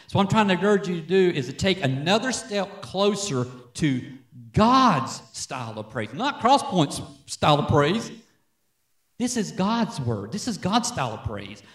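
A man preaching to a congregation in an easy, conversational way, tossing out "Amen?" as he goes. His voice sits somewhat high and moves with lively swings in pitch. He is picked up from some distance in a roomy, echoing church. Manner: conversational preaching, frequent "Amen?" call-outs. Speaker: worship leader. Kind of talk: sermon. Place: church sanctuary.

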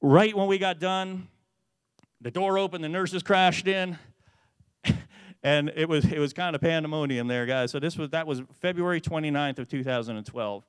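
A man giving an earnest testimony to a church, telling the story in a way that grows animated. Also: a little high, normal speed, smooth, no echo. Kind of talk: testimony sermon.

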